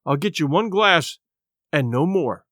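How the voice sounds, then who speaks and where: A man's voice: fairly high pitch, animated, unhurried, a bit bright, no room sound, studio quality. A man reading an audiobook, voicing the innkeeper's young son, polite but firm.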